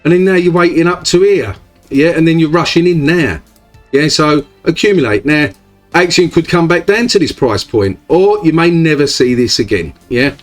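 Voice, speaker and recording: A man's voice: fairly high pitch, animated, normal speed, soft background music. Rambling man on a casual crypto vlog. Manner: rambling, many fillers and tag questions. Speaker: crypto YouTuber. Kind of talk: casual screen-share commentary.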